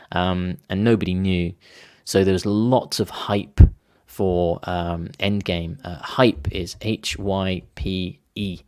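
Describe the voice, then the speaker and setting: A man with a notably low voice gives an unscripted English lesson. He talks enthusiastically with plenty of ums and restarts, and stops to spell words out and explain phrases. The recording is dry and close, with no room echo. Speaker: English teacher.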